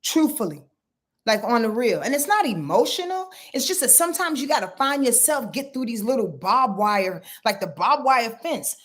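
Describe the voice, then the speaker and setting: A middle-aged woman talking casually to her livestream viewers as their astrologer. Her voice sits a little high for a woman. She is blunt and animated, swearing freely and telling stories in a loose, chatty flow. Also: normal speed. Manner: blunt, animated storytelling with profanity and laughs. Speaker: astrologer and tarot reader.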